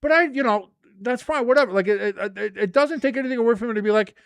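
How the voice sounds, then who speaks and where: A man's voice: very high voice, quick pace, vocal fry, clean tone, no echo, studio quality. A man in his forties hosting a live sports watch-along, crude and rambling, laughing at his own jokes. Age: 40s.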